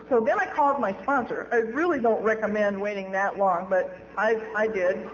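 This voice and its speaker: A woman's voice: mid-range voice, animated, a little fast, few pauses, highs cut off, a little hiss or hum. Candid woman telling recovery story. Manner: candid, self-mocking, laughs at own stories. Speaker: recovery meeting speaker. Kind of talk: personal storytelling talk.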